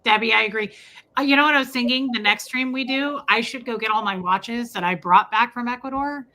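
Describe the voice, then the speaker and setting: Woman, chatty co-host, casual, bright forceful voice. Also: on the high side, fairly quick. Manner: chatty, prompting her co-host's stories. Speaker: co-host of a livestream. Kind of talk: casual chat.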